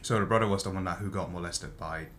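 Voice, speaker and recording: A man's voice: low-pitched, fast, fairly bright tone. A man in casual chat about a book, hesitant and thinking aloud as he talks. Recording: faint background noise.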